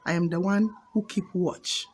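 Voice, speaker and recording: A loyal, bitter dog voiced by a woman in a spoken folk fable. He complains quietly in a husky, mellow voice. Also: lowish voice, steady tone, moderate pace. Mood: aggrieved.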